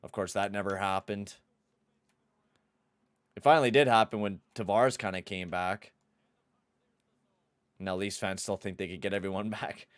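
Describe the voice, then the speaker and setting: Young male streamer, lowish smooth voice, dry close sound, excitable and profane. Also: moderate pace, pauses often, no room sound. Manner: excitable, swears, shouts at the game. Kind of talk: live gameplay commentary and chat.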